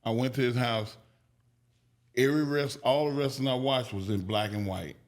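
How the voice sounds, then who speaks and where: Guy spinning loud stories on a podcast, swears a lot, does the voices of people he quotes. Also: medium pitch, moderate pace. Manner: animated, acts out quoted people with raised voice; casual, profane. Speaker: guest. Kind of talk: storytelling in a podcast interview.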